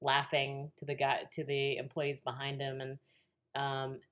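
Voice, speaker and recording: A woman's voice: very deep voice, monotone, a little slow, fairly bright tone. A woman guest on a podcast, telling a story casually with lots of fillers, restarts and laughter.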